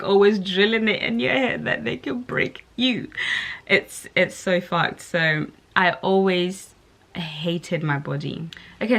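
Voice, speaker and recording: A woman's voice: lowish voice, fairly bright tone. A young woman, talking candidly to camera in a casual, rambling way, full of "like". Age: young adult. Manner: candid, rambling, lots of "like" fillers. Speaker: vlogger.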